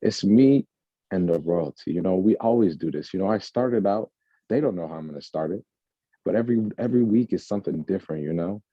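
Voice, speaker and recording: A man co-hosting a podcast in casual, joking chat, now and then breaking into slow crooning. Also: sits low, animated, no echo. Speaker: podcast co-host. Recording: dull lo-fi sound.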